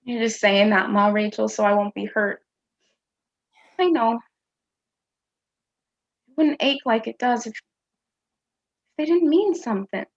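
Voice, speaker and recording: A woman's voice: a little high, a little slow, pauses often, muffled recording. A woman playing a small, hurt young boy. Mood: wistful. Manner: plaintive, childlike questioning. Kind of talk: stage play performance.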